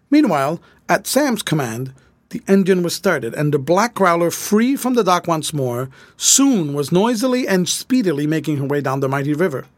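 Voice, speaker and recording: A man reading a children's adventure story aloud as an audiobook narrator, with an expressive delivery. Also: on the high side, no room sound.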